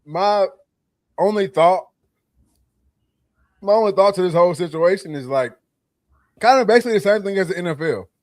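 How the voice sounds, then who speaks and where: A man's voice: high-pitched, normal speed, pauses often, no room sound. A man from Arkansas, co-hosting a casual podcast and hyping the chat and giveaways. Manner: laid-back, hypes the chat and giveaways. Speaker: podcast co-host.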